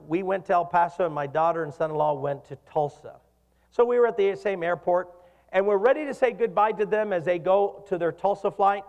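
A middle-aged man preaching a sermon as pastor, animated and putting questions to his congregation. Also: high voice, highs cut off. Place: church hall. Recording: reverberant hall.

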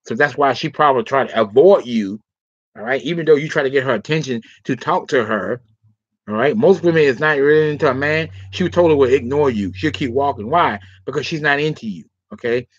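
A man's voice: medium pitch, fairly quick, slightly rough, dry recording. A man talks through dating advice in a loose, rambling way, tagging nearly every thought with "all right?" or "okay?". The sound is dry and a little dull, like a cheap lo-fi mic in a small room. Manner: rambling, filler-heavy talk ending lines with 'all right' and 'okay'. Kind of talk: casual livestream advice talk.

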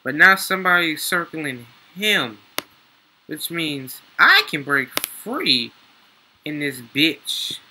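A young man, excitedly commentating his gameplay, slangy and swearing freely. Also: on the high side, slow pace, slight background noise, poor audio. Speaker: gaming YouTuber.

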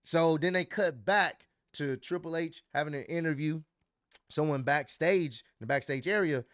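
A man recapping wrestling events in a casual vlog, telling the story with slangy excitement. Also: a little high, moderate pace, no echo, clean studio sound. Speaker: wrestling commentary vlogger.

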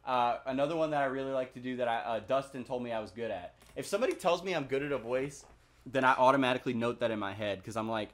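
Young man, casual gaming commentary, lots of swearing, chatty with viewers, middle pitch. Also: fast, a bit bright. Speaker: gaming video host.

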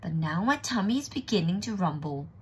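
A woman voicing a clever little mouse who talks in a brisk, cheeky, boastful way in a storybook reading. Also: fairly low pitch, big pitch swings, darkish tone, slightly rough, heavily acted.

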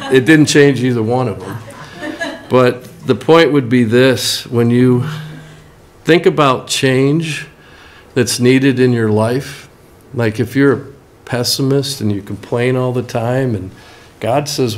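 A man's voice: medium pitch, a little slow. A man preaching a sermon on prayer, speaking in a conversational, folksy way and telling stories to make his point. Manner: folksy storytelling with a joke, conversational. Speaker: pastor.

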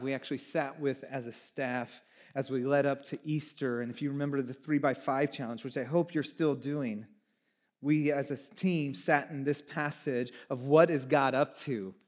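A man preaching a sermon as pastor, talking conversationally, moving between hushed reflection and fervent emphasis, with casual asides to the congregation. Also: mid-range voice. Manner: casual asides with audience check-ins.

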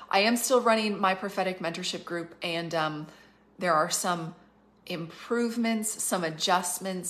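A middle-aged woman from Canada giving livestreamed prophetic teaching, emphatic and fervent, slowing down to stress key phrases and rushing through asides. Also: fairly low pitch, a bit bright. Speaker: prophetic minister and school leader.

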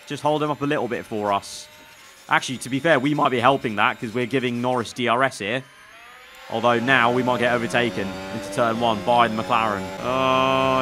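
Bright-voiced man commentating a game. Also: mid-range voice. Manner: excitable, talks to himself while managing the race. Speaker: gaming YouTuber.

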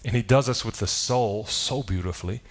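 A man's voice: on the low side, moderate pace. A man preaching a sermon in a loose, conversational style, often restarting his sentences and asking rhetorical questions. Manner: loose delivery with frequent restarts. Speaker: pastor. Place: church service.

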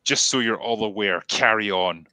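Scottish male host with bright voice. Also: on the low side, moderate pace, smooth, no room sound. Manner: laid-back, reads out viewer comments. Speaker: podcast host. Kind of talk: casual chat.

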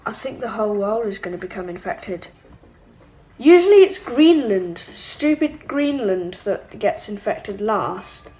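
A young woman giving excitable, playful let's-play commentary with mock-evil asides. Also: mid-range voice, unhurried, low-quality recording. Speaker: gaming channel host. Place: home room.

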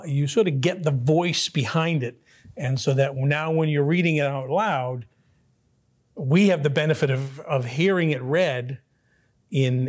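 A man teaching a casual Bible study class in a church, talking conversationally with frequent restarts and throat clearing. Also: a little high.

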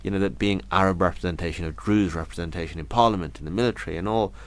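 A young man from Britain speaks in a very low register, earnest and reflective as he recounts his story to an interviewer. He stumbles and restarts often, pausing to quote the people he met. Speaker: interview guest.

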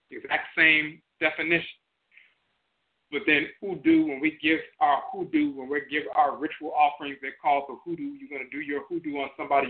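A man hosting an internet radio broadcast, lecturing and explaining terms one by one, repeating each definition. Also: a little high. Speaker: host and lecturer. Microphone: phone line to an internet radio show. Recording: tinny phone-line audio.

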